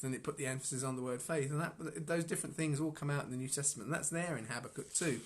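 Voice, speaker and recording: A man sharing an informal devotional reflection on scripture as a Bible teacher. He muses aloud and keeps stopping to restart his sentences, breaking off with soft chuckles. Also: mid-range voice. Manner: musing, halting, with frequent restarts and soft chuckles.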